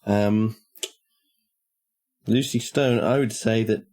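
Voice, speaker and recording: A man serves as game master for a tabletop horror game, speaking in a lowish voice. He hesitates often, with many fillers. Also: fairly even intonation, slow, dark tone.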